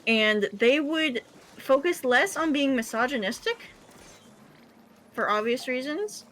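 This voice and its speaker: A woman streaming, chatting casually over games, swearing freely and telling animated stories. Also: high voice, takes it slowly, a little hiss or hum. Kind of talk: casual gaming chat.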